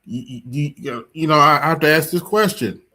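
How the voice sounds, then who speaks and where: A male livestream host riffing in casual commentary. He speaks a little higher than most men and hammers his points with repetition, talking straight to his audience. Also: moderate pace, pushed and bright. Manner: emphatic, repetitive, addresses audience directly. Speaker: streamer host.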